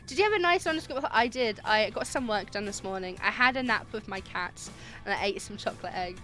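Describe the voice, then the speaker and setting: A woman's voice: mid-range voice, expressive, fairly quick, faint music behind. A woman streamer chatting casually and giggling while she plays a dating game and thanks viewers for gifted subs. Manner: giggly and chatty, reacting loudly.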